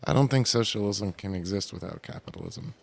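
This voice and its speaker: Low-voiced rambling podcast host, a man. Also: a little fast, gravelly. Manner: rambling, drifts between topics. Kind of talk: casual podcast banter.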